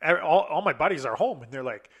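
A man's voice: on the high side, expressive, brisk, breathy edge. A young man telling a long personal story in a casual, rambling, profane way, acting out what others said.

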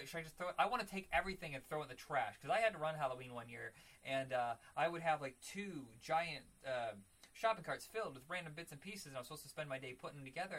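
Man, podcast co-host, casual chat, quick, animated, swears freely, bright forceful voice. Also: mid-range voice, rough recording.

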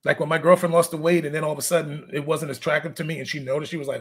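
A man's voice: a little high, level tone, rapid-fire, slightly rough. A man, a fitness coach, chatting casually in an interview, telling candid rambling stories and laughing at his own jokes.

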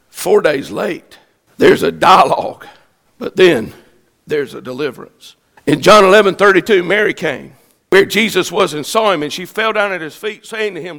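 A man preaching a sermon as pastor, building to shouted peaks. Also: sits high, in a large hall.

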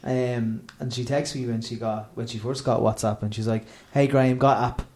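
A man's voice: mid-range voice, steady tone, moderate pace, darkish tone, husky. A man, co-hosting a casual podcast chat and telling rambling, laugh-filled stories. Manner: rambling, storytelling, laughing often. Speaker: podcast co-host.

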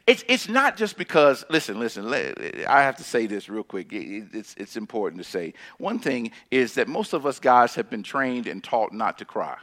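A man preaching a sermon who reads scripture slowly and then talks casually, swinging between loud emphatic lines and hushed ones. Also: mid-range voice, big pitch swings. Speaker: pastor.

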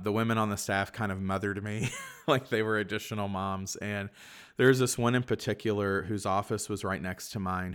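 A young man, a Catholic priest, telling his personal story in a reflective way, with many fillers and soft laughs. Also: on the low side, clean tone. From Kentucky, USA. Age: young adult. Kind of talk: personal testimony in conversation.

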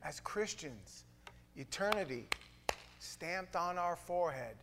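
A man delivering a sermon in a fairly high voice. He drops to near whispers, then climbs into loud, ringing bursts. The telling is dramatic and story-driven. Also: lively intonation, slow, noisy background. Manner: dramatic, swings from hushed to loud. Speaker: preacher.

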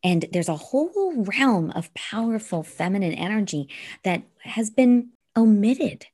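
A woman co-hosting a podcast, chatting in a gentle, encouraging way about spirituality and reading a quote aloud. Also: medium pitch, sing-song, a little slow, breathy edge. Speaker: podcast co-host. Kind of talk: casual spiritual chat.

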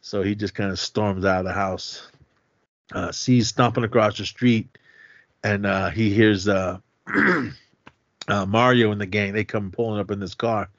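A man's voice: fairly low pitch, measured pace, no echo. Man animatedly recapping a film plot. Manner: animated retelling, acts out quotes. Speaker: podcast co-host. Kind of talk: casual movie recap. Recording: slightly muffled, dry sound.

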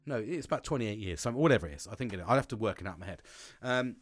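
A man's voice: on the low side, expressive, rapid-fire, no room sound, soft background music. A man in his forties, hosting a casual podcast monologue in a rambling, sweary, self-mocking way. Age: 40s.

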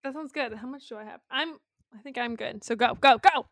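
Chatty, high-voiced woman podcast co-host. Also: a little fast, gravelly, fairly bright tone, no echo, studio quality. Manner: chatty, laughs often, swears freely. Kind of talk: casual chat.

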